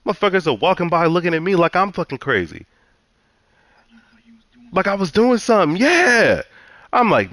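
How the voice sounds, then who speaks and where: A man's voice: sits high, sing-song, moderate pace, pauses often, a bit bright, no room sound. A man telling a personal story in a heated, profane, repetitive way, venting casually.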